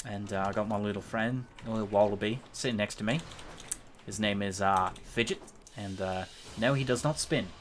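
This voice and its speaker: A man's voice: fairly low pitch, moderate pace, a little hiss or hum, close to an everyday voice. Brief: a man playing a teasing mock-Australian gamer bloke, playful and easygoing. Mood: joking. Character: jokey mock-Australian male streamer with a pet wallaby.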